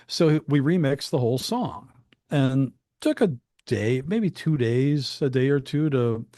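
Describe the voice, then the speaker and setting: Guy guest rambling through old studio stories, mid pitch, dry close sound. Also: lively intonation, unhurried, warm tone, dry recording. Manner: chatty, with frequent restarts and asides. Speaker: guest recalling studio work. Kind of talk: casual anecdotal storytelling.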